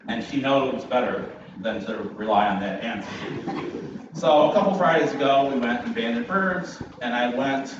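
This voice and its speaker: A man preaching at middle pitch, telling a lively, self-mocking story to a congregation. He sounds set back from the microphone, and his voice rings through a large, echoey church hall. The sound is slightly muffled, with a clear layer of room ambience underneath. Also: moderate pace, far from the mic, background noise. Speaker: guest preacher. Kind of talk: sermon opening with a personal story. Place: church sanctuary.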